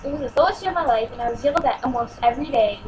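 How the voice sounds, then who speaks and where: A woman's voice: high-pitched, rapid-fire, darkish tone, slight background noise, rough recording. A teenage girl telling a personal story in a home vlog, exasperated and emotional as she acts out what people said. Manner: emotional, exasperated retelling with acted-out quotes.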